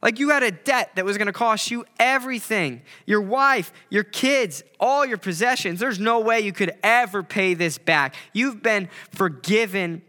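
A man's voice: high voice, moderate pace, few pauses, sharp tone, big-room sound. A man preaching a sermon in a conversational way, retelling a parable with quoted voices. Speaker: pastor.

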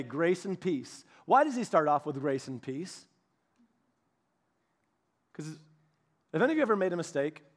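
A man pastor giving a casual, storytelling sermon, chatty and animated, speaking directly to his congregation. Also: a little high. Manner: chatty, animated, many restarts and asides.

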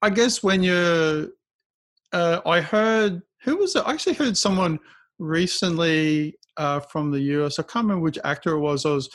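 A man's voice: fairly high pitch, normal speed, a bit bright. A man hosting a podcast, chatting casually with a guest in a playful, teasing way and laughing easily. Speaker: podcast host. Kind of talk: casual interview chat.

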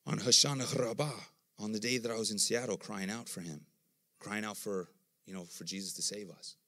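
A middle-aged man preaches a sermon in a fairly low voice, speaking a little fast. He tells stories with animated delivery and acts out the voices of the people he quotes.

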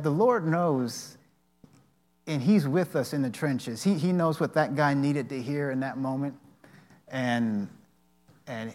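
An earnest man giving a devotional teaching in a mid-range voice. He tells personal stories in a halting way and often restarts his sentences. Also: medium pitch.

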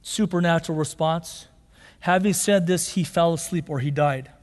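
A man preaching a sermon as pastor, passionate, rising to shouts when he quotes scripture. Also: fairly high pitch, normal speed. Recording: long hall reverb.

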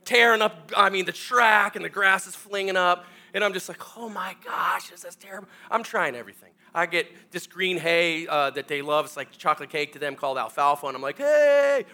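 A middle-aged male pastor tells a long comic story from the pulpit, acting out every scene and poking fun at himself. His voice sits high for a man and has a bright, forceful edge. He swings between hushed asides and loud, excited bursts. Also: a little fast, few pauses. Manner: animated, self-mocking storyteller acting out scenes.

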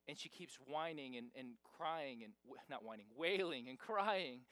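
Male pastor preaching, kinda high voice, chatty but gets loud and emphatic on the big points. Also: expressive, normal speed, no room sound. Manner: conversational, emphatic, rising to loud stresses. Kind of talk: sermon.

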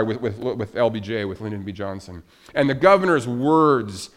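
A male pastor preaching a sermon emphatically, with repetition and rhetorical questions. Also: mid-range voice.

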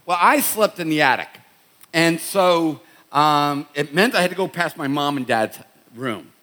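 This middle-aged man's voice is fairly high and sharp, with lively intonation and a slightly slow pace. He's a Boston pastor with a Boston accent, delivering a storytelling-style sermon in a conversational way and often starting his sentences over.

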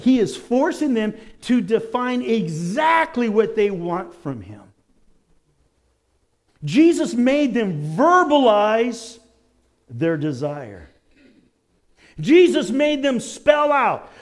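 Animated male preacher with a lively voice. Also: high voice. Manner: animated preaching, shouting out quoted cries. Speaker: pastor. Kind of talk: sermon.

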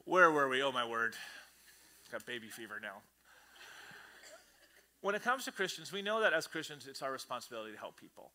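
A man preaching a sermon to his church congregation in an animated, conversational way, often acting out the voices he quotes. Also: on the high side, normal speed. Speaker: pastor. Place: church service before a congregation.

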